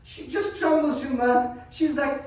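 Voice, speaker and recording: Guy acting cocky rattled young dude, high voice, swears nonstop, rambles, heard from across a boomy room. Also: fairly even intonation, measured pace, a little hiss or hum. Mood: agitated rant. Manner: profane, rambling, restless. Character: cocky, rattled young man ranting about family. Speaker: stage actor performing a monologue. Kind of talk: theatrical monologue. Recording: echoey room, mic far off.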